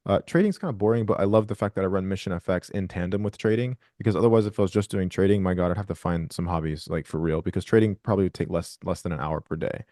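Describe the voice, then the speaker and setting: A man's voice: deep voice, fast, few pauses, mellow, no room sound, clean studio sound. A man hosting a group video call, chatting casually in a rambling, profane way with lots of restarts. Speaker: host of a trading group call.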